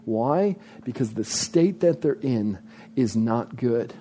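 A pastor preaching a sermon, emphatic, driving points home by repeating phrases. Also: male voice, mid-range voice, lively intonation, slow pace, warm tone, a little hiss or hum.

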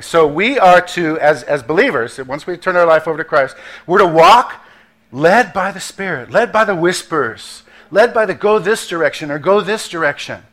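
Male pastor, conversational sermon delivery, slightly high voice, slows down for emphasis. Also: fairly bright tone. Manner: conversational preaching with acted asides and slowed emphasis.

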